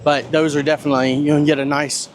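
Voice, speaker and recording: A man's voice: on the high side, little pitch movement, quick pace, a little hiss or hum. A man who works as a travel agent, chatting casually through a travel vlog as he walks around a cruise port, pointing things out with upbeat asides. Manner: chatty, upbeat tour-guide commentary with easy asides. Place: outdoors at a cruise port shopping area.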